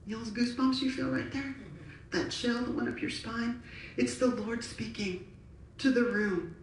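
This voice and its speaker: A woman's voice: fairly high pitch, steady tone, normal speed, a little hiss or hum. A woman preaching a sermon, telling stories with passion and animation. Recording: echoey hall from far off.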